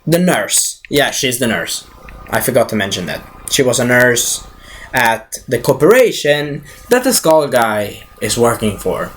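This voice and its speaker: A man's voice: mid-range voice, very animated, unhurried, slight background noise. A man giving a casual, rambling movie recap, swearing freely, correcting himself as he goes and acting out the scenes. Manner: restarts and self-corrections. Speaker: movie reviewer.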